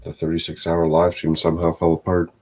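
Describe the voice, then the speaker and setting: This live streamer, building sets at his home setup, chats casually with viewers, rambling, cursing, and talking to himself. He has a low, monotone voice, speaks a little fast, and background noise is audible.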